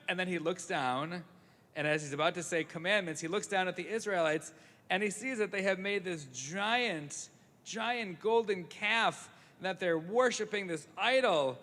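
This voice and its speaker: A man's voice: a little high, a little slow, bright, forceful tone. A man leading a family service, telling a story to a congregation with playful, jokey asides. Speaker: service leader. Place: synagogue sanctuary. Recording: echoey sanctuary, live broadcast.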